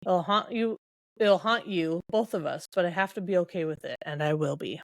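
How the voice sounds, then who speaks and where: A woman's voice: lowish voice, moderate pace, no room sound, natural voice. A woman reading the lines of a resolute young fantasy heroine in an earnest, determined way.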